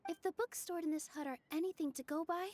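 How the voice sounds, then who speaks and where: A young woman voicing a gentle, cheerful young dancer in a game cutscene, soft, friendly and a bit apologetic. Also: very high-pitched, fast.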